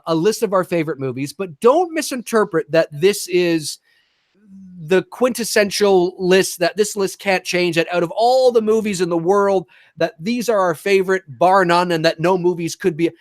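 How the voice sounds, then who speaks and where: A man co-hosting a casual live-stream podcast, rambling and animated, swearing casually and sometimes restarting his sentences. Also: sits high, no echo, studio quality. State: talking with a lozenge in his mouth. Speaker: podcast co-host.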